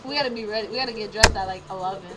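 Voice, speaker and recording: A woman's voice: medium pitch, very fast. A young woman chatting on a webcam at her own home, giggly and teasing. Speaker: vlogger, host of the house. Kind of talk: casual webcam chat.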